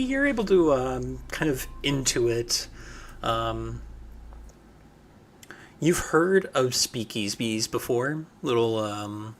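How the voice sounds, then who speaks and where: Unhurried male game master. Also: mid-range voice, slight background noise. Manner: unhurried, many filler ums. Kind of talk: narrating a tabletop game.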